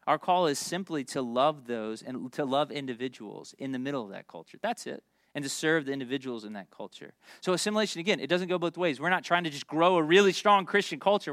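Joking, fairly high-voiced male pastor. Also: fairly bright tone, dry recording, studio quality. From Memphis, United States. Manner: conversational and joking, with asides to the crowd. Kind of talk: sermon.

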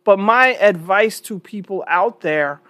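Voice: mid-range voice, unhurried, a bit bright, dry recording. A vlog host giving frank, casual opinion commentary, often restarting words mid-sentence.

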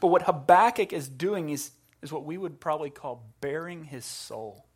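Dynamic male preacher, hushed to loud. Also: a little high, moderate pace, few pauses, slightly rough. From South Carolina. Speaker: pastor. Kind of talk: sermon.

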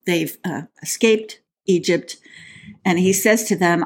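A woman's voice: lowish voice, takes it slowly. A woman co-hosting a podcast, talking casually in a chatty, playful way and reading scripture aloud. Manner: chatty and playful, with frequent restarts. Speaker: podcast co-host.

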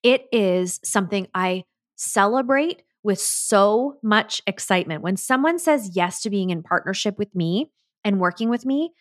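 A woman's voice: medium pitch, animated, unhurried, no echo, clean studio sound. Enthusiastic woman hosting a solo podcast. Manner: enthusiastic, emphatic, motivational. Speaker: podcast host and business coach.

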